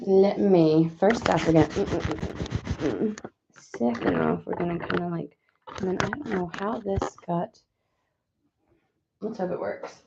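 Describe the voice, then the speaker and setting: A woman's voice: fairly low pitch, a little slow, vocal fry, long pauses, noisy background. A woman hosting a casual tarot live stream from home, chatting in a rambling way and swearing freely as she talks into a webcam. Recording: roomy, slightly dull home webcam audio.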